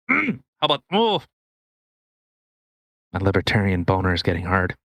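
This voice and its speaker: A man from Canada holds forth on a casual podcast, his voice bright and slightly high for a man. He talks in a restless, profane ramble full of restarts. The sound is dry and close. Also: wildly swooping pitch, unhurried, vocal fry, long pauses, no echo. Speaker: podcast co-host. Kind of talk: casual political rant.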